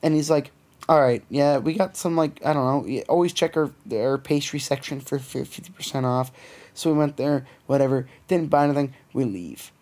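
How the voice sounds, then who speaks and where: A young man with a Canadian accent, a podcast co-host telling a profane, animated story in casual chat. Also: mid-range voice, moderate pace.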